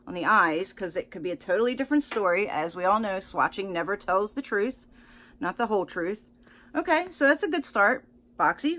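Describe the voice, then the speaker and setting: A woman beauty vlogger chatting casually through an unboxing, excitable and full of fillers and restarts. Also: mid-range voice.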